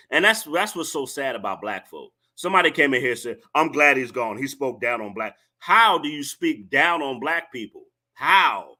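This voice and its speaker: A man's voice: fairly high pitch, pushed and bright. A man hosting a livestream, scolding and lecturing his viewers in a repetitive rant. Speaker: livestream host. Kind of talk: ranting commentary to a live chat.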